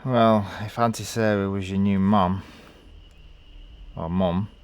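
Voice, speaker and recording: Deep-voiced, unhurried gamer. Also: male voice, steady tone, smooth. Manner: gentle, reassuring, rambling. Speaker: let's play gamer. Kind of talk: casual commentary, talking back to the game.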